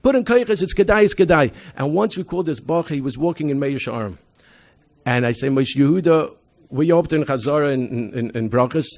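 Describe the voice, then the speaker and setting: A man, a rabbi giving a convention talk, animated storytelling with frequent restarts and loudly acted-out quotes. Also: medium pitch, fairly quick. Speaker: rabbi presenting an educational program. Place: convention hall.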